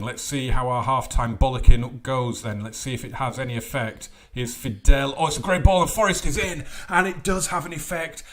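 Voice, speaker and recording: A young man hosting a let's play, commentating a football management game with mumbled asides and sudden loud outbursts. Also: mid-range voice. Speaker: gaming channel host.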